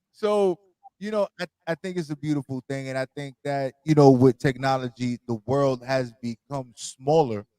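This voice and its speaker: A man's voice: mid-range voice, normal speed, darkish tone, clean tone, dry recording. A man from New York hosting a casual radio interview, laughing easily and repeating words as he talks. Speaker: radio show host.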